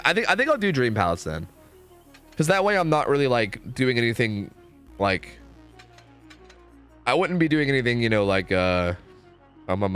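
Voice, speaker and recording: A man's voice: mid-range voice, a bit bright. A young American man chatting casually and profanely while streaming a game, reading chat aloud.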